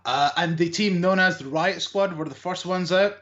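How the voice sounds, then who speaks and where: A man's voice: sits high, moderate pace, a bit bright. Casual podcast guy, lots of ums, dull recording. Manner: rambling, hesitant with many fillers. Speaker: wrestling podcast co-host. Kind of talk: casual chat, recapping matches.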